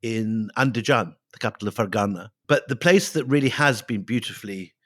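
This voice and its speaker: A man's voice: lowish voice, fairly quick, a bit bright, dry recording, studio quality. A middle-aged man co-hosting a history podcast, telling the story with dramatic flair and reading quotes aloud.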